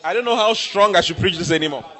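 Man, preaching a sermon, high pitch, bright edge, emphatic, repeats himself, shouts at times. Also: fast talker. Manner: emphatic, repetitive, bursts into shouting.

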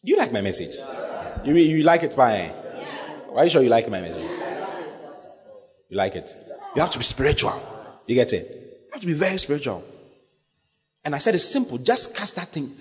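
Animated male preacher in an echoey hall. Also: mid-range voice, normal speed, long pauses, highs cut off. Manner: animated, repetitive, asks the audience questions. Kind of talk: sermon.

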